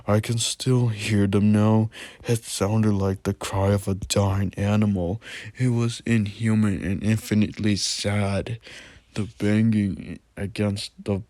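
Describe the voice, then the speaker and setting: Slow, low-voiced man reading a horror story. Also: flat delivery, mellow, no room sound.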